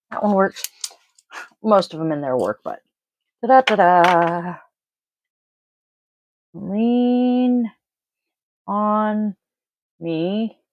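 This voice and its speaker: A woman's voice: fairly low pitch, gravelly, breathy edge, dull audio. A woman hosting a daily tarot and oracle card reading, talking casually with blunt swearing and rambling asides. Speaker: tarot reader and host. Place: home, family audible off-mic.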